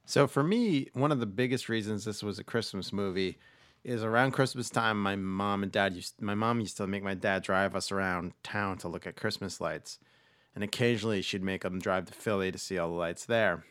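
Here a man hosts a movie chat podcast, rambling casually full of fillers and restarts. He speaks at a moderate pace in a lowish, fairly bright voice, recorded dry with clean studio sound.

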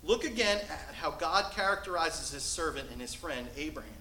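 A male pastor preaching a sermon from the pulpit, shifting between loud, emphatic lines and hushed, soft passages. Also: a little high, lively intonation, moderate pace, echoey room, slight background noise, rough recording. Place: church sanctuary.

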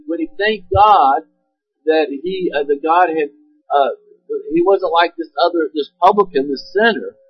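Earnest male preacher, slightly high voice. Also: breathy edge, dull audio. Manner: earnest, explanatory, with frequent fillers and restarts. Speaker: pastor. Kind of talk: sermon.

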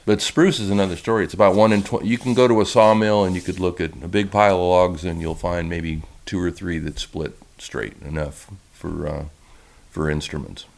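A man who makes violins gives a relaxed, rambling talk over slides, with many restarts. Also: low-pitched, moderate pace, creaky. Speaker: violin maker giving a talk.

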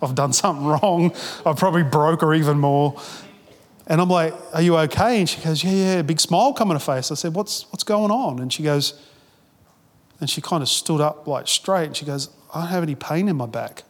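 A man's voice: on the high side, fairly quick, in a large hall. A man preaching a sermon as a pastor, telling stories in a casual, chatty way with restarts and quoted asides. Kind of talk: sermon storytelling.

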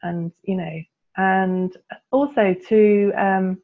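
A woman's voice: mid-range voice, takes it slowly. Laughing woman on a tinny line. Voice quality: laughs often, animated storytelling. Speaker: guest coach. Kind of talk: conversational interview, guided clearing statements.

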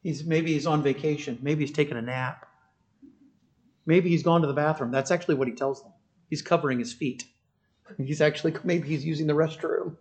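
A man preaching a sermon with passion, swinging from loud declarations to quiet, wry storytelling. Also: a little high, fairly even intonation, brisk. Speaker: pastor.

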